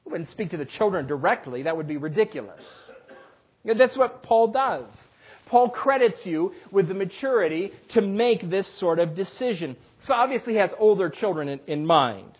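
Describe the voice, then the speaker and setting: A husky, fairly high-voiced man in his thirties preaches in a church, speaking plainly and directly to the children. The recording is dull and lo-fi. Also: expressive, moderate pace. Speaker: pastor. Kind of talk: sermon. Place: church sanctuary.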